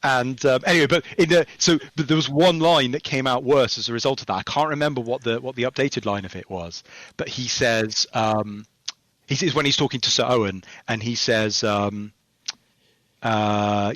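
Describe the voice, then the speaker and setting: Game dev guy chatting on a podcast, rambly and hesitant, middling pitch, dry close mic. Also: brisk, dry recording. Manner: rambling, hesitant, animated storytelling. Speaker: game developer guest. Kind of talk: casual podcast chat.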